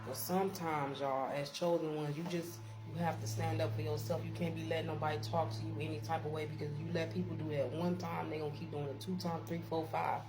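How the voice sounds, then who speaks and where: A woman telling a workplace story straight to her viewers in a casual storytime vlog, emphatic and animated, slipping into preachy encouragement. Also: low voice, brisk, hardly any pauses, over music. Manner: emphatic, animated retelling, keeps addressing viewers. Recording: steady background hum.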